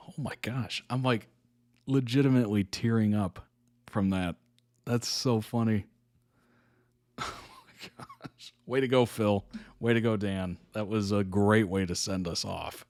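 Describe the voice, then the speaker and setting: Slow-talking, low-voiced male reaction host. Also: dry recording, studio quality. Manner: laughs a lot, effusive and upbeat. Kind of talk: casual reaction commentary.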